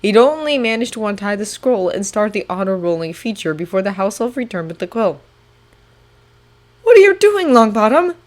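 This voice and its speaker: A woman narrating a fan-made audiobook at a mid pitch for a woman. She tells the story in a steady, even way. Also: a little fast, hardly any pauses. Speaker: fanfiction reader.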